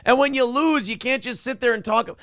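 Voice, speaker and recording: A man's voice: very high-pitched, fairly quick, fairly bright tone, dry recording, clean studio sound. A man hosting a morning talk show, sarcastically mocking a streamer's rage while laughing often. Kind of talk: mocking casual commentary.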